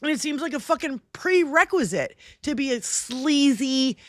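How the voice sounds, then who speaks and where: A woman's voice: sits high, lively intonation, normal speed, a bit bright, no room sound, studio quality. A woman co-hosting a casual political livestream, swearing heavily as she rants and often breaking into laughter. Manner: profane, ranting, laughs often. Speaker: livestream co-host.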